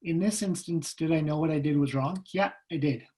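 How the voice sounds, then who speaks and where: A man giving a personal storytelling talk as a guest speaker over a video call, lively and humorous, acting out the voices in his stories. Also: fairly high pitch, brisk, low-quality recording.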